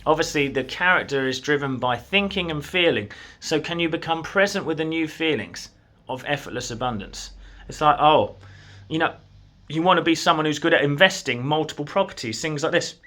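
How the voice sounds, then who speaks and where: Male coach, motivational to camera, encouraging and direct, bright tone, a little high. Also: brisk. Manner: earnest, encouraging, speaks straight to the viewer. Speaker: manifestation coach. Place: at a desk in his own room.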